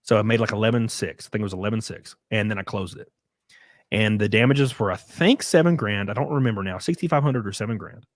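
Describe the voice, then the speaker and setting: A man's voice: fairly low pitch, fast, no room sound, studio quality. A man telling rambling stories in casual chat, full of fillers and acted-out quotes. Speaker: guest on a live stream.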